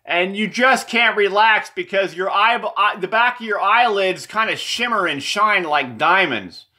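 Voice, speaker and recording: Rambling bright-voiced man explaining drawings. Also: high voice, a little slow. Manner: meandering, repetitive, self-correcting. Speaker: presenter explaining his drawings.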